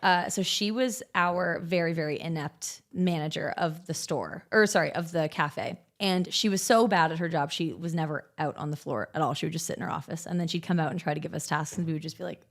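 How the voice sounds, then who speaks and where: A woman's voice: low voice, fairly quick, few pauses. A woman co-hosting a podcast, chatting casually and laughing often as she tells stories. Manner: giggly storyteller. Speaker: podcast co-host. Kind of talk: casual chat.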